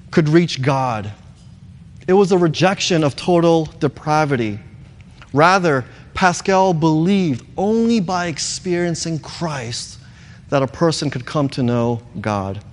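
A man's voice: on the high side, long reverb tail. A male pastor preaching a sermon in an earnest, emphatic way, repeating key words.

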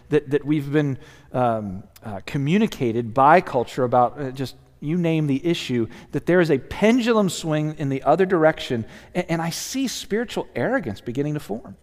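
A man preaching a sermon as a pastor, earnest and conversational, often restarting and dropping to a hush. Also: a little high. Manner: earnest, conversational, with many restarts and sudden soft drops. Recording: long hall reverb.

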